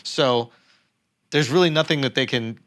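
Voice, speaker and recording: A man's voice: medium pitch, normal speed, fairly bright tone. A man hosting a podcast, talking in a reflective, affirming way. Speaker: podcast host. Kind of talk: casual podcast conversation.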